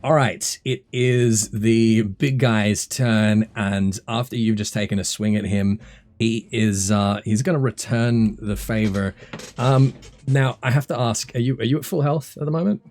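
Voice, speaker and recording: A man with a lowish, unhurried voice narrates combat as game master of a tabletop game. He's relaxed and easygoing, with plenty of filler words and restarts.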